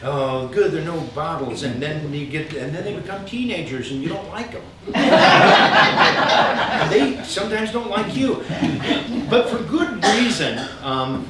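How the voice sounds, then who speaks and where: A middle-aged man spinning self-mocking stories on stage, animated and quick to laugh, his voice slightly high. He sits far from the mic in a booming, echoey hall, with a clear wash of ambient noise underneath. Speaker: storyteller. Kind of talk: live comic storytelling.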